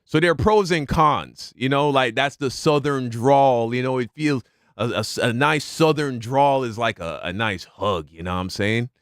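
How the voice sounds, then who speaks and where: A man talking through a live reaction stream, loose and conversational, drifting into side thoughts full of slang. His voice is smooth and clean. It sits close and dry on the mic. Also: mid-range voice, normal speed, dry recording. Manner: laid-back, muses aloud with slang. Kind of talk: casual reaction commentary.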